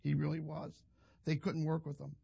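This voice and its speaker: Gravelly older preacher man. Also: a little high, completely flat delivery, normal speed, mellow. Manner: rambling, folksy, self-interrupting. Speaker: pastor. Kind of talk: sermon with personal story.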